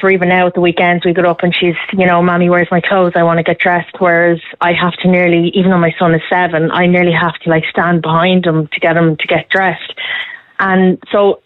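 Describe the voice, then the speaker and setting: A woman's voice: lowish voice, no room sound. A woman, calling in to a radio show and chatting emphatically about parenting. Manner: chatty and emphatic, quick laughs. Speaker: caller. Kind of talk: casual radio phone-in chat. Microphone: phone. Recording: tinny phone line, dry.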